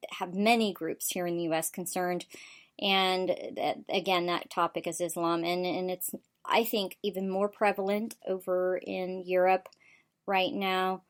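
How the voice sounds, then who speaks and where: A woman from the United States hosting a political talk show, delivering a rapid, opinionated monologue full of fillers and restarts. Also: lowish voice.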